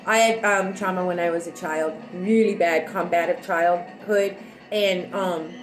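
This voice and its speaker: A woman vlogger chatting casually with her viewers, talking fast and loud with restless, excitable energy. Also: on the low side, roomy sound, music in the background, low-quality recording. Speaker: live-stream vlogger. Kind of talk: casual rambling chat with viewers.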